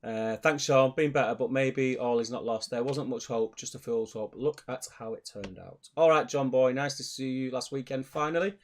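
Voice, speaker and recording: A man's voice: mid-range voice, normal speed, few pauses. A man, hosting a hobby livestream and reading out chat messages while joking with his co-host. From England. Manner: banter, reads out chat messages. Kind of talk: casual chat.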